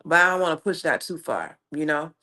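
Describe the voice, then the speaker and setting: A woman with a Southern US accent hosts a casual live stream, reading viewer comments and telling stories in a sassy, animated way. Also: low voice, fast. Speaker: livestream host.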